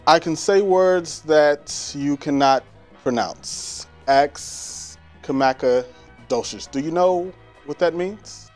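Man doing a boastful crooked male candidate, slightly high voice, over-the-top stump speech. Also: slow, a little mellow, soft background music. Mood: pompous. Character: pompous scheming male presidential candidate. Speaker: comedian. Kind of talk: stand-up comedy sketch.

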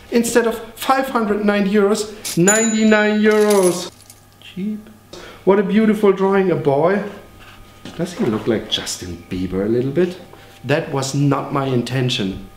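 A man pitching his own paintings in a joking, exaggerated, profane way, in an echoey room. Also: animated, a little slow, slight background noise.

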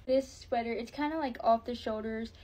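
A woman casually showing off her shopping haul, listing items quickly and gushing about how cute they are. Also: fairly high pitch, mellow, slight background noise, rough recording. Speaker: haul vlogger.

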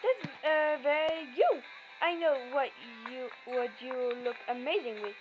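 A woman's voice: sits high, a little slow. A woman giving casual, rambling commentary while playing a game, stumbling over her words with lots of ums. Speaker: gamer. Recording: muffled lo-fi, faint game music.

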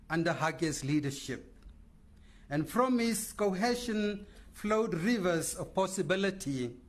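A man delivering a formal eulogy speech in a measured, oratorical manner. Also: high-pitched. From Namibia. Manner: measured, oratorical, lists words with pauses. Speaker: memorial speaker.

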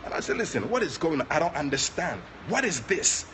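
A man with a Ghanaian accent preaching during an online prayer session, moving between soft asides and loud, passionate exclamations. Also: fairly high pitch, big pitch swings, fairly quick, a little hiss or hum. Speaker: prophet leading online prayer. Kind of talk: sermon.

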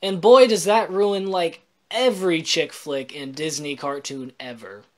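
A man talks to camera on a faith vlog in a relaxed, chatty way. He explains scripture in plain everyday words and keeps slipping in jokes at his own expense. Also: fairly high pitch, measured pace. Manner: joking, chatty, self-deprecating asides. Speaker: Christian vlogger. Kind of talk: casual faith vlog talk.

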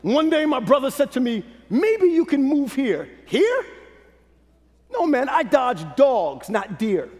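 A man from Brooklyn, a pastor preaching a sermon in call-and-response style, dropping to a hush and rising to shouts. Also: very high-pitched, sing-song, unhurried, few pauses. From Brooklyn, New York. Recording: long hall reverb.

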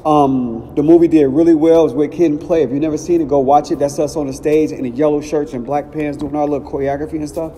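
A middle-aged man from Ohio telling casual stories as a podcast host, animated and acting out quotes. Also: a little high, fast talker, hardly any pauses. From Cincinnati, Ohio. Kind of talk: casual storytelling. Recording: long reverb, faint background noise.

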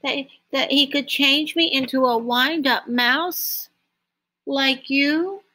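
A woman's voice: high-pitched, slow pace, bright, forceful tone, exaggerated voice. Woman voicing a nervous, stammering little mouse. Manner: stammering, breathless calls. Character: small eager male mouse, timid and envious.

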